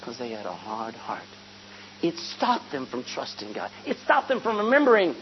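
Lively woman preaching a sermon. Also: extremely low pitch, normal speed. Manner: animated storytelling, acting out scripture scenes; asks the congregation questions and calls for amens. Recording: dull lo-fi recording with faint hum.

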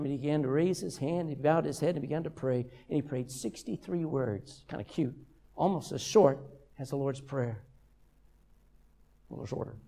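Older male pastor with a high voice. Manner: humorous, lively storytelling. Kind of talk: sermon.

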